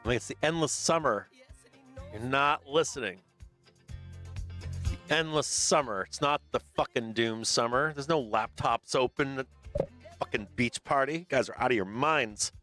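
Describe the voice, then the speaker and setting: A man's voice: medium pitch, moderate pace, pauses often, pushed and bright, soft background music. A man hosting a livestream about the stock market, rambling and swearing casually as he talks to viewers and laughs often. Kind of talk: casual profane market commentary.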